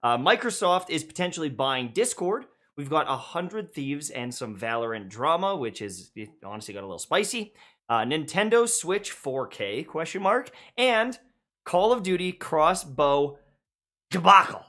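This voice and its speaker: Male podcast co-host, hyped and chatty; high, sharp tone, very animated pitch. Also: normal speed. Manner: upbeat, hyped show-opener delivery. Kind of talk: casual gaming podcast chat.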